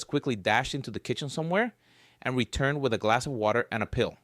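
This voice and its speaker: A man narrating a scripted story in a lively, varied storytelling voice. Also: medium pitch, fast, no echo, studio quality.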